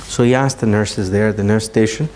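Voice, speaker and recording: Male preacher, low pitch, earnest storyteller in a lecture room, faint noise behind. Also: steady tone, a little mellow. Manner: earnest storyteller, slows for emphasis. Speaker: Islamic speaker. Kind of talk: religious talk with storytelling.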